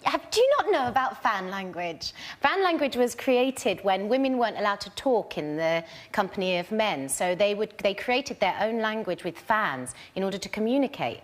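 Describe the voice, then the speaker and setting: A woman's voice: mid-range voice, sing-song. Chatty English woman talk show guest. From England. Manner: chatty, laughs often, halting restarts. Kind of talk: casual chat. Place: TV studio with audience.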